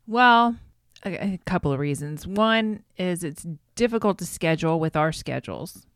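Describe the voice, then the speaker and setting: A woman's voice: lowish voice, expressive, normal speed, clean tone, dry recording, studio quality. A woman co-hosting a podcast in casual chat, adding details and laughing along with her friend. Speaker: podcast co-host.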